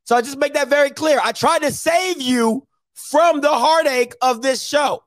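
A man hosts a sports call-in show with a strikingly high-pitched voice. He argues bluntly and hammers his points by saying them over and over. His voice sounds dry and close to the mic. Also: moderate pace, no echo. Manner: blunt, repeats himself for emphasis. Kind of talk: argumentative sports call-in talk.

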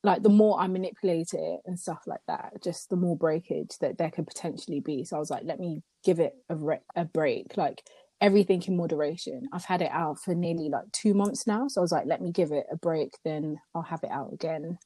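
A young woman leading a relaxed group chat, her talk full of "like" fillers. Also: low-pitched, a little fast, husky, dry recording.

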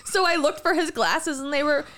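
A woman co-hosting a podcast, telling a story in excited, sweary casual chat, quoting people as she goes. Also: high voice, normal speed. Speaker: podcast co-host.

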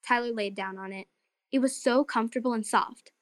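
A woman narrating a children's story and hosting a short segment, in an expressive, friendly way. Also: fairly high pitch, a little fast, no room sound, studio quality.

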